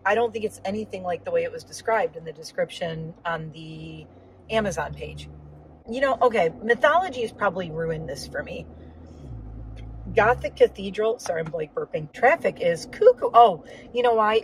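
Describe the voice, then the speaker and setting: A woman's voice: on the low side, slight background noise, low-quality recording. A woman chatting casually while driving, rambling with lots of asides and a slightly sore throat. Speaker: vlogger. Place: inside a car on the road.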